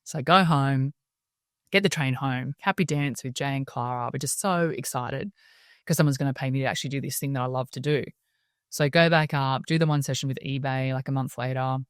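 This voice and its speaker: An Australian woman, a guest in an interview, telling her story in a lively way and acting out the voices of people she quotes. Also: extremely low pitch, brisk, smooth, no room sound, clean studio sound. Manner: lively storyteller who acts out quoted voices and laughs often. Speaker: interview guest, wellbeing speaker.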